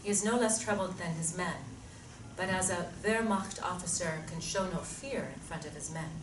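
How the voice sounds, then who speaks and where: A woman narrates a screenplay in a steady, descriptive read. Her voice sits low and carries room echo, recorded from a distance. Noise runs clearly under the recording. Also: moderate pace. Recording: echoey room from far off, noisy.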